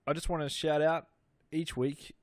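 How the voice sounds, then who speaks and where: A man's voice: on the high side, flat delivery, moderate pace, darkish tone, no echo, studio quality. An Australian man hosting a film podcast in upbeat casual chat, wrapping up the segments. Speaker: podcast host.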